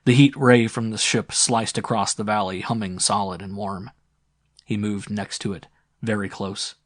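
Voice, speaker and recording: A man narrating a science fiction audiobook in a steady, dramatic reading. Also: fairly low pitch, moderate pace, dry recording, clean studio sound. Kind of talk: scripted narration.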